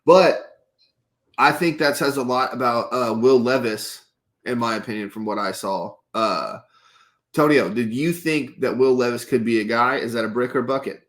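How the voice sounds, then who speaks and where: A man's voice: medium pitch, normal speed, fairly bright tone. Ranting, foul-mouthed male sports podcaster. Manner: heated, profanity-laden ranting. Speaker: podcast co-host. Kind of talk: casual sports chat, ranting.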